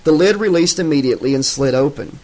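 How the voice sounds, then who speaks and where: A man narrating a horror audiobook in a steady, dramatic reading. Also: on the high side, fast, low-quality recording.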